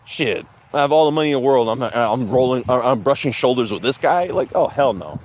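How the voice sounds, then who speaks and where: A man's voice: medium pitch, animated, a little fast. A man hosting a casual podcast while out on a walk, rambling, swearing and laughing often. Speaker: podcast host. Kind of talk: casual chat while walking outdoors.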